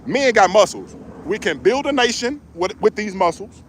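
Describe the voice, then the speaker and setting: High-pitched, animated middle-aged man. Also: moderate pace, a little hiss or hum. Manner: animated, joking, preachy. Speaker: relationship advice vlogger. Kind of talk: casual advice monologue.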